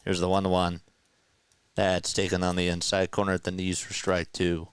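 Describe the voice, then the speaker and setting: A man's voice: low voice, completely flat delivery, normal speed, clear, resonant tone, no echo. A young man giving casual live baseball play-by-play, chatting and laughing with viewers. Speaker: play-by-play streamer. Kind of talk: live baseball commentary and chat.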